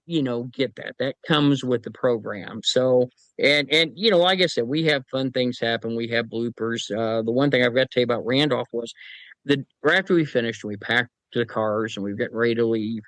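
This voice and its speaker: A man's voice: mid-range voice, lively intonation, brisk, fairly bright tone, dry recording, poor audio. A man being interviewed on a podcast, telling folksy anecdotes about his paranormal team and often acting out the people in them. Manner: folksy anecdotes, acts out voices in quotes, chuckles. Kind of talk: casual storytelling interview.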